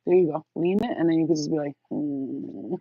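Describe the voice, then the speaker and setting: A woman's voice: low-pitched, racing, no room sound, narrow, tinny audio. A woman vlogger rambling bluntly to the camera, crude and laughing often. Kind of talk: casual rambling monologue.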